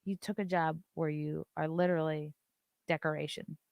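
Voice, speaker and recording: A woman's voice: deep voice, steady tone, normal speed, vocal fry, darkish tone, no echo. A woman hosting an opinionated commentary show, ranting with sarcasm and profanity. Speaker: host.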